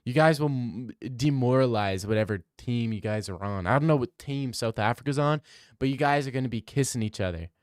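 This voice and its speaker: A young man hosts a livestream and chats with his viewers in a crude, joking, rambling way. His voice is smooth and clear at an ordinary pitch. The sound is dry and close. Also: fairly quick, no echo. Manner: rambling, crude, jokey, slips into silly voices. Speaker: livestream host answering chat. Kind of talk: crude casual livestream chat.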